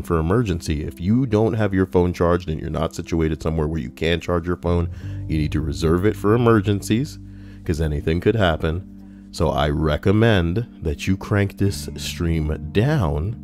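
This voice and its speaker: A man's voice: deep voice, warm tone. A man streaming casual commentary while reading online posts, rambling with crude, sarcastic asides.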